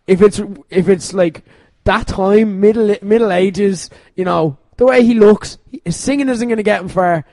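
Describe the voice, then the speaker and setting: A man hosting a podcast, talking in an animated, casual way and swearing freely. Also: sits high, moderate pace, dry recording. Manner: animated, swearing, laughing often. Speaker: podcast host. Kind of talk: casual chat.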